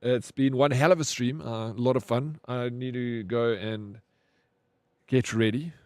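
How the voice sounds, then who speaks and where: A man's voice: medium pitch, steady tone, measured pace, no echo. A man, streaming and chatting casually with viewers, rambling with lots of "bro" and casual swearing. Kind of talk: casual stream chat, reading chat aloud.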